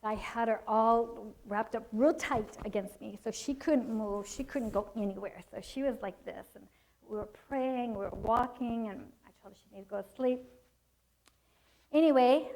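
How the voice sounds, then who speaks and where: Middle-aged female speaker, high-ish voice, lively faith-based parenting talk. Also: rough recording. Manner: animated storytelling, laughs often, acts out quotes. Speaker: Christian child-training speaker. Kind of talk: storytelling talk to a church audience.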